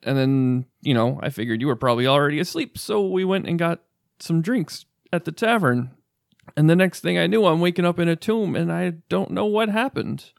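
A man playing a shaken, grieving father, halting and stammering. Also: a little high, lively intonation, creaky, no echo, clean studio sound.

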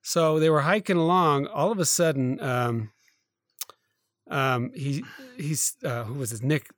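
A man with a slightly high voice tells a story to his co-host in loose, stop-start sentences, full of fillers and restarts. The sound is dry and close, with no room echo. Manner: rambling, halting retelling with many fillers and self-corrections. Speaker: podcast co-host. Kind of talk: casual storytelling chat.

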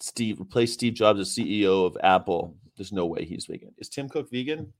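A man's voice: lowish voice, lively intonation, brisk. A man hosting a casual livestream, chatting and reading out history items in a rambling, profane way. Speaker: host.

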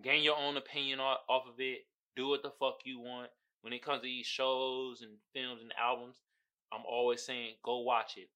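A man hosting his own podcast, ranting casually and profanely, slipping into high mimicking voices. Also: pushed and bright. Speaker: podcast host. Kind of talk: casual solo podcast rant.

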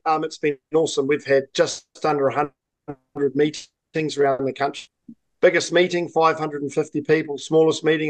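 A man's voice: on the high side, no room sound, low-quality recording. A man from New Zealand with a New Zealand accent, giving a political interview as a party leader, earnest and full of fillers and restarts.

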